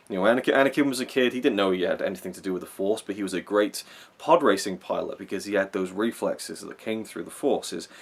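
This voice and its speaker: A man hosting a film review channel, talking in a casual, rambling way and often repeating or restarting words. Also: lowish voice. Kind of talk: casual fan commentary countdown.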